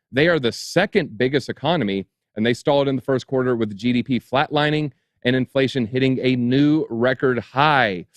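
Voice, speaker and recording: A man reads news stories aloud on a casual talk show, breaking in often with sarcastic side remarks. His voice is recorded close up in a dry, dead room with no reverb. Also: mid-range voice. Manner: reads headlines, then adds dry sarcastic asides. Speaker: crypto show co-host. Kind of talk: news commentary, reading articles aloud.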